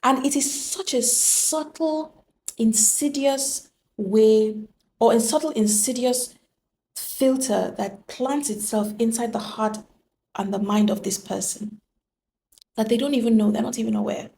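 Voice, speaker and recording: Woman, motivational monologue, emphatic rhetorical questions, mellow dark tone, gravelly. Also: a little high, unhurried, slight background noise. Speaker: relationship speaker.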